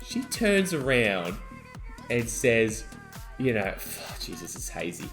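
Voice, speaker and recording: A young adult man, co-hosting a podcast and telling a wild story in excitable casual chat. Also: medium pitch, slow, faint music behind. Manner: animated, excitable storytelling, yelling out quoted lines. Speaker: podcast co-host.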